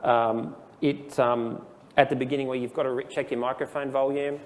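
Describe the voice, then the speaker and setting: A man giving a casual, explanatory software training presentation to a live audience in a room. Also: mid-range voice, flat delivery, moderate pace, big-room sound. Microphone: handheld dictation microphone.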